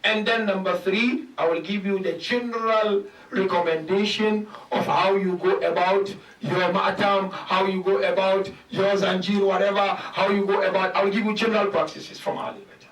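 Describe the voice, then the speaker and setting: A man with a very high, bright voice preaches slowly and deliberately, counting out his points and asking rhetorical questions. His emphatic delivery swells to shouted peaks. He sounds far from the mic in an echoey hall. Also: fairly even intonation. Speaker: sheikh giving a lecture. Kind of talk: sermon. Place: large mosque hall.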